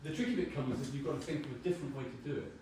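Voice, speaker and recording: A man's voice: medium pitch, racing, warm tone, a little hiss or hum. A man in his sixties giving a conference talk as a brand designer. He speaks informally, with wry humor and the odd swear word. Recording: very echoey hall, mic far off.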